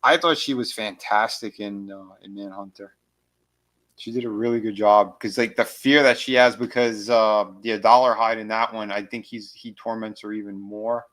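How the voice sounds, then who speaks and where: A man's voice: on the low side, fairly even intonation, moderate pace, a bit bright. A man co-hosting a film review stream, talking casually and hesitantly about the actors and trailing off mid-thought. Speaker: co-host of a movie review stream.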